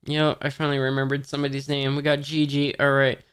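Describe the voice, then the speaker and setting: A fast, monotone reader with a mid-range voice that is a bit bright, clear and resonant reads a manga chapter aloud casually. Frequent stops and forgotten character names interrupt, and quoted lines stay close to plain.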